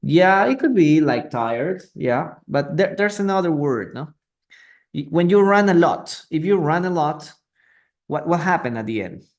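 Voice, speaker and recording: Slow, gravelly teacher man. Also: on the high side, animated. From Peru. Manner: patient, repeats words and translates into Spanish; asks students questions and greets viewers. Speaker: English teacher. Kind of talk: live online reading lesson. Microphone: phone or computer mic for a live stream.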